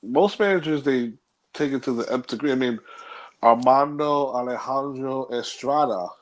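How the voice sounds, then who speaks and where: A man's voice: mid-range voice, moderate pace. A man co-hosting a casual podcast chat, rambling and acting out quotes. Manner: rambling, restarts, mock-quotes others. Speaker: co-host.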